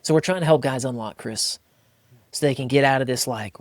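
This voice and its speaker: A man's voice: mid-range voice, fairly quick, no room sound. An American man co-hosting a casual podcast, talking bluntly and energetically, often mimicking other voices. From United States. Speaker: podcast co-host.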